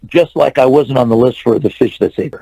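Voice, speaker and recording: An older man tells long, winding stories in a casual interview, restarting often and acting out what others said. His voice is gravelly and dark. The recording is dry and close. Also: medium pitch, a little fast, no room sound, rough recording. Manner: rambling anecdotes with restarts and acted-out quotes. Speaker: interview guest, actor and stuntman.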